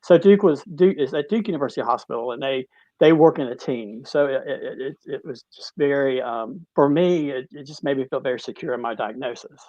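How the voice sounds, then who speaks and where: A middle-aged man, a teacher, tells his cancer story in an interview, halting and restarting, choked up at times. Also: medium pitch, darkish tone, dry recording, lo-fi sound. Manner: halting, with many restarts, tearful at moments. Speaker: guest, cancer survivor. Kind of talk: emotional personal story in a talk-show interview.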